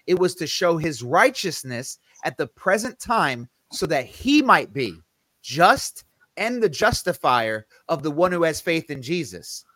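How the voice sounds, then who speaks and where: A man's voice: on the high side, sing-song, measured pace, a bit bright, no room sound. Casual man teaching scripture, dry mic. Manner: conversational, self-correcting, emphatic on scripture quotes. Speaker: podcast host leading Bible study. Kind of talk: casual Bible study teaching.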